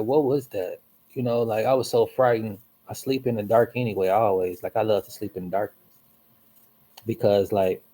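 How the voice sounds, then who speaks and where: A man telling a spooky personal story in casual chat, animated and slangy. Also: fairly low pitch.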